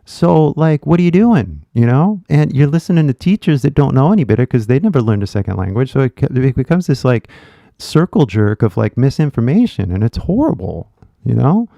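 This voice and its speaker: A man's voice: medium pitch, big pitch swings, a little fast, creaky, warm tone, no room sound. A man with a Californian accent giving casual livestream English coaching, blunt and rambling with swearing, on dull lo-fi stream audio.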